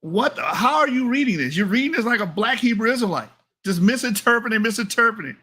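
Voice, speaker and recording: A man's voice: very high-pitched, lively intonation, fast talker, bright, forceful tone, slightly rough. A man giving heated reaction commentary, mocking and profane as he corrects someone's reading of a paper.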